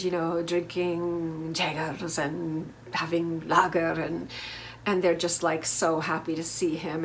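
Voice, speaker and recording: A woman's voice: on the low side, slight background noise. A middle-aged woman from the United States hosting a casual TV recap, chatty and opinionated with lots of fillers. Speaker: host.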